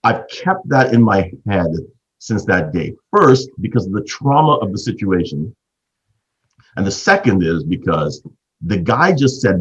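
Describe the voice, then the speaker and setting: A man in his fifties from Canada, hosting and telling a business story as an animated storyteller with a husky voice. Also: a little slow, highs cut off. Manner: animated storyteller, big swings in pitch. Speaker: host.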